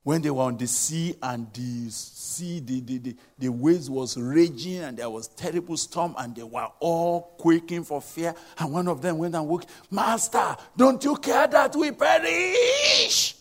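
A man's voice: fairly high pitch, normal speed, few pauses, dark tone. A man preaching a sermon, telling scripture stories dramatically and acting out the voices in quotes.

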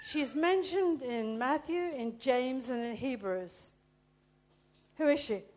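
A woman's voice: high voice, expressive, slow, a little mellow. A woman teaching a Bible lesson, giving clues one by one and then quizzing her listeners.

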